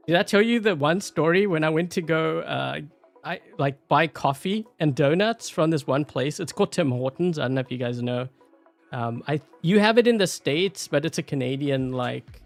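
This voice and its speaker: Chatty South African man, slightly high voice. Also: moderate pace, vocal fry, faint music behind. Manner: rambling, chatty, laughs often, many fillers. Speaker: gameplay YouTuber. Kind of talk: casual gameplay commentary.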